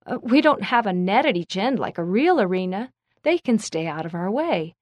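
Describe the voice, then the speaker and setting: A calm, fair-minded teenage boy, as a woman reads him, speaking in an even, steady way. Storybook telling in a close, dry recording. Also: mid-range voice, moderate pace, no room sound, close to an everyday voice. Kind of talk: storybook reading.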